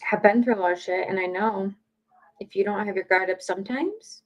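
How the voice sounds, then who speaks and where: A woman's voice: medium pitch, a little fast, low-quality recording. A woman chatting casually on a live stream, blunt and opinionated, swearing freely. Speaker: streamer, podcaster. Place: home.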